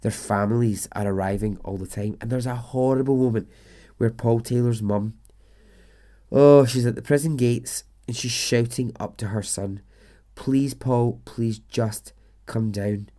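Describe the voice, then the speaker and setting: A man hosting a podcast narrates a true story in a casual, chatty way, swearing now and then and laughing at the absurd details. His medium-pitched voice is mellow, at a moderate pace.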